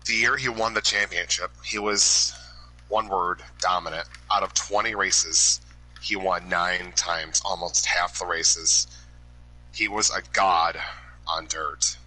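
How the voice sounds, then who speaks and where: A man giving an emotional hall of fame induction speech, halting and restarting as he loses his train of thought. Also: low voice, steady tone. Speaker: inductee presenter. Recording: loud background noise.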